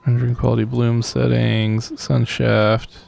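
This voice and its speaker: A male game streamer talks his way through play in a loose, rambling manner. He pokes fun at himself and laughs often. His voice is gravelly and his pace is slow and unhurried. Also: medium pitch, monotone, a little mellow. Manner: rambling, self-deprecating, chuckles often. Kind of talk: casual live-stream chat while playing.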